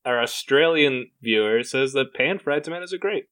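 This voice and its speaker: A man's voice: medium pitch, expressive, moderate pace, a bit bright. Young man, podcast co-host, casual banter, joking, laughs a lot. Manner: joking, laughs often, tries out silly voices. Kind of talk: casual banter, improvising a story.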